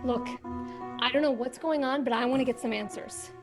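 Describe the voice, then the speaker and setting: A high-voiced young wife, secretive. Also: female voice, fairly quick. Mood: frantic. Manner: plain, then frantic and insistent. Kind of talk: audio drama acting. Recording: voice over music from a played audio drama. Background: music.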